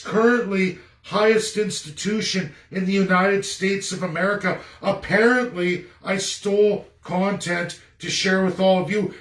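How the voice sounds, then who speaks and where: A man's voice: high voice, reverberant, recorded from a distance. A Canadian man ranting angrily on a livestream, emphatic and repetitive. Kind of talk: angry political rant on a livestream. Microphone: phone or webcam on a livestream.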